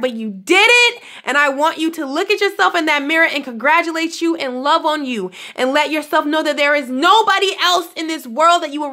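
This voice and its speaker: A woman's voice: high voice, sharp tone. A woman giving a casual spiritual pep talk to her viewers, gushing and affectionate, calling them honey and laughing often. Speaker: spiritual guidance vlogger.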